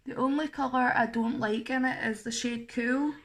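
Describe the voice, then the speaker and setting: A woman's voice: on the high side, steady tone, normal speed. A young woman talking through a makeup tutorial in a chatty, self-deprecating way. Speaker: makeup artist.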